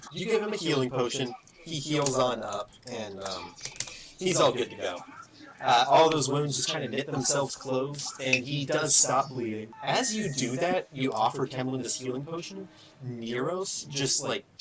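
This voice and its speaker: A man running a tabletop game as game master, narrating loosely with lots of fillers. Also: mid-range voice.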